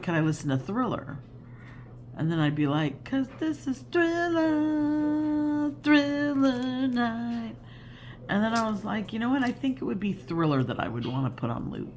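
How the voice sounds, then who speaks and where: A woman's voice: deep voice, very animated, fast, slight background noise. A woman in her fifties hosting a casual crafting chat, rambling and chatty and laughing often. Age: 50s. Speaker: crafting channel host.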